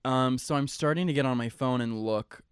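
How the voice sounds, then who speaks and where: A young man in his twenties hosting a podcast and telling a story in a loose, chatty way, dropping "like" constantly and tossing in playful slang. His voice sits at a middle pitch and sounds smooth and resonant. The sound is close and dry. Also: moderate pace, dry recording. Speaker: podcast host. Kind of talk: casual storytelling monologue.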